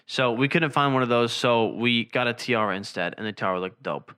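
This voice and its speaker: A young man with a bright, forceful voice rambles through a story on a casual podcast. He swears freely and talks loosely, restarting as he goes. He is recorded indoors on camera. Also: medium pitch, fairly quick, clear, resonant tone. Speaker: podcast host. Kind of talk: casual chat. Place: indoor room, seen on camera.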